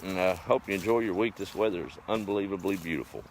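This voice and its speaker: A man's voice: sits low, a little fast, slight background noise. An older man, chatting casually and folksily on a live stream, greeting viewers by name. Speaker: host of a live farm stream.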